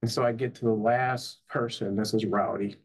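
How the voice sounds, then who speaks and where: A man's voice: lowish voice, fairly even intonation, normal speed. A man, a psychotherapist and life coach, telling an emotional personal story in earnest, often checking in with "right?" and "you know". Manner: earnest, tag questions, frequent "you know".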